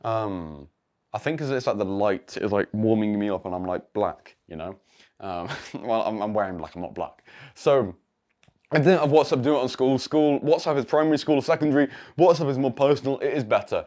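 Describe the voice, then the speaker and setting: This teenager from England, an online coaching creator, talks through a coaching tutorial over screen share in a projector-lit indoor room, bluntly and in a rambling way, swearing and using lots of slang. He speaks on the low side, a touch fast, with lively intonation and a slightly mellow quality.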